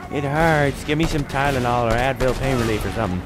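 A teenage boy in his mid-teens doing excitable, jokey let's-play commentary, yelping and shouting at the game. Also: mid-range voice, quick pace, few pauses, music in the background. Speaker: gaming YouTuber.

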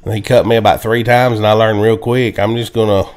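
A man's voice: lowish voice, flat delivery. Laid-back man, casual football chat. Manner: laid-back, laughs often, drawn-out stories. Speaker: podcast co-host. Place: home, indoors.

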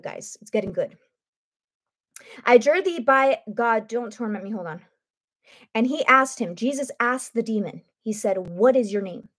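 Animated woman teaching from the Bible. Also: a little high. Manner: animated, conversational, frequent "right?" asides.

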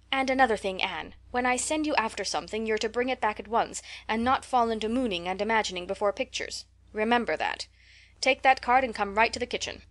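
A woman reading an audiobook, voicing a stern, prim elderly spinster who speaks in a brisk, moralizing, scolding way. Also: a little high, fairly bright tone, natural voice.

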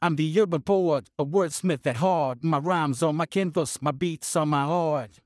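Singing software voicing a synthetic male rapper with a computer-generated sound, rapping in tight rhythm with slightly odd pronunciation. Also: a little high, a little slow, natural voice. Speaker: demo vocal line. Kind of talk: rap.

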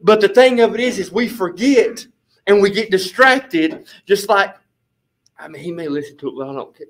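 Man, high voice, loose and animated storyteller, casual church-group testimony. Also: normal speed. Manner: animated, rambling storyteller, repeats "flipping" as a filler. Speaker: bible study group member.

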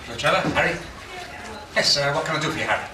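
A man's voice: fairly high pitch, racing, far from the mic, natural voice. An actor playing a fussy, hesitant male deputy superintendent at a care home in a film drama. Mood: flustered. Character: flustered officious male care-home administrator. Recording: echoey noisy old film soundtrack.

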